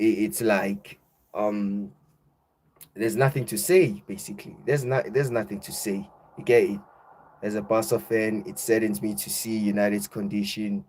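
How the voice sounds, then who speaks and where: Low grumbling husky young man. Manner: low, subdued and grumbling, keeps asking "you get it?". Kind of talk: casual football banter.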